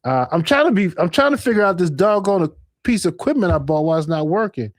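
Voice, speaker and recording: A man hosting a late-night live stream, rambling, laughing and thinking out loud. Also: high-pitched, big pitch swings, fast talker, no room sound, studio quality.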